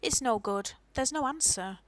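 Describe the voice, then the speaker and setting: An earnest, gentle young boy hero from a video game, as a woman voices him, speaking softly and sincerely. His voice sits fairly high. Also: animated, normal speed, slight background noise. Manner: earnest and soft-spoken.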